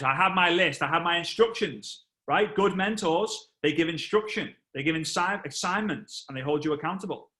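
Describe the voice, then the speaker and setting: His pitch runs on the high side as this man, a motivational speaker, recounts a story on stage. He brings it to life with animated delivery, performing the voices and sound effects himself.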